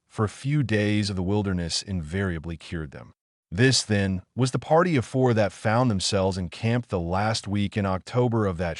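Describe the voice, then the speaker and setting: A man reading a horror audiobook in a measured, somber storytelling manner. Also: on the low side, dry recording, studio quality. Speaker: narrator. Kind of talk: scripted horror audiobook narration.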